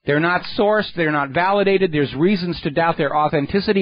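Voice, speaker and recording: A man hosting a radio talk show delivers a sarcastic, indignant political monologue into a studio microphone. His voice is a little high and a little fast, with few pauses. The studio sound is dry and slightly dull.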